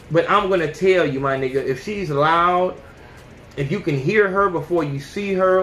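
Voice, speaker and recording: A man's voice: a little high, a bit bright. A man hosting a podcast, giving blunt and heavily profane opinions in a casual monologue. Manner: blunt and heavily profane, often says "you know what I'm saying". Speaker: podcast host. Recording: echoey room with faint noise.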